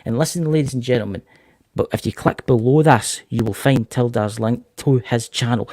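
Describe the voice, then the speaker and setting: A man's voice: mid-range voice, fairly even intonation, moderate pace, a little mellow. A Scottish man hosts a casual livestream chat in an ordinary mid-range voice. He talks in a chatty way, often restarting and repeating his words. The sound is dry, with no room echo. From Scotland. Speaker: host.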